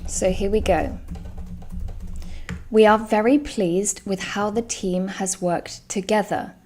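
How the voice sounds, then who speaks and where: Woman, English teacher, slow deliberate delivery, mid-pitched voice, live stream lesson. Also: a little mellow, soft background music. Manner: slow, clear and emphatic, stresses example words.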